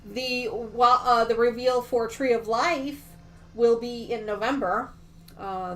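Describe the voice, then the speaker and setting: A woman hosts a quilting livestream, chatting casually, gushing over her projects, and reading viewer comments aloud as she answers them. Her voice is medium-pitched, with a little hiss or hum in the recording.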